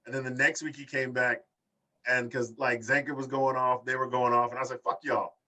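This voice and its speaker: A man co-hosting a casual podcast chat, telling long stories and acting out quotes in animated bursts. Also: brisk, recorded from a distance, rough recording. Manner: animated storyteller, acts out quotes with big pitch jumps. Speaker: podcast co-host.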